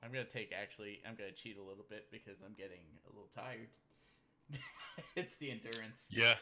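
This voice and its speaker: A man's voice: lowish voice, fairly even intonation, fairly quick, bright, forceful tone. A man chatting casually in joking, teasing banter, sometimes tired. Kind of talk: casual chat. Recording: crowd noise in background.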